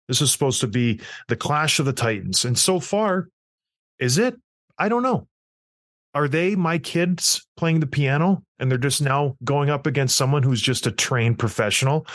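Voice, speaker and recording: A man's voice: mid-range voice, no echo. A middle-aged man co-hosts a sports podcast, telling a long anecdote in a blunt, self-mocking way. His voice sits in an average register and is recorded close and dry, with almost no room around it. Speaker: podcast co-host. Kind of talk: casual sports podcast chat.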